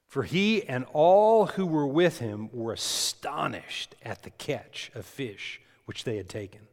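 A man's voice: medium pitch, expressive, slow pace. Guy preaching a sermon, asks the crowd stuff, big echoey hall sound. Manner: emphatic preaching, asks the congregation questions. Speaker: pastor.

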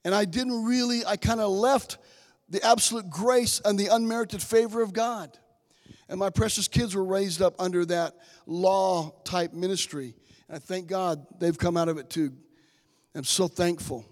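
A man preaching a sermon, impassioned, speaking straight to his congregation and swelling from soft to loud. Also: sits high, moderate pace, in a large hall. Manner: addresses the congregation directly.

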